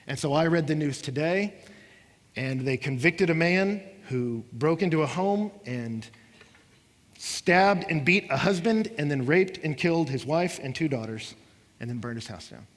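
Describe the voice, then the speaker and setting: A man's voice: on the high side, animated, unhurried. A man preaching a sermon, acting out what his listeners say, with rising and falling intensity. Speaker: pastor. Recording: long hall reverb.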